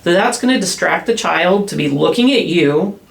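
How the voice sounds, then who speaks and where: Woman, behavioral specialist, gravelly voice, echoey room, faint background hum. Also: fairly low pitch, expressive. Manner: gentle, slows down to model soothing phrases. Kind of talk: podcast interview.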